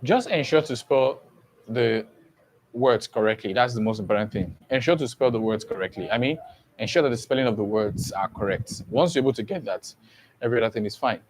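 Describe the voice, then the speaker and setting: Man slowly teaching, repeating and checking in. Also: mid-range voice, slight background noise, low-quality recording. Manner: slow, repetitive explaining with frequent "okay?" checks. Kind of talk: online exam-prep lesson.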